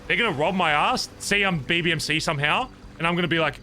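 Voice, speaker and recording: A young man telling an animated, profane story in character to other roleplay players. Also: a little high, quick pace, slight background noise. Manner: animated, profane, rambling recounting. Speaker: roleplay streamer.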